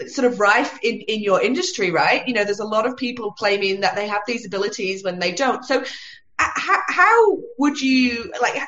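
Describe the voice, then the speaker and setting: A woman hosting a podcast, asking questions with hesitant pauses and fillers. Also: on the high side, animated, a bit bright. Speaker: podcast host. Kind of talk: interview questions. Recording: roomy echo, dull lo-fi sound.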